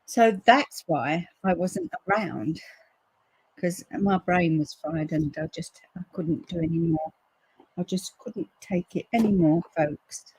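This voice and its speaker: A woman hosting a live crafting stream, chatting casually and acting out quotes in a lively way. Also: takes it slowly, breathy edge, dry recording, poor audio. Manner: chatty storyteller, acts out quotes with big pitch jumps. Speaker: crafting livestream host. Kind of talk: casual chat to live viewers.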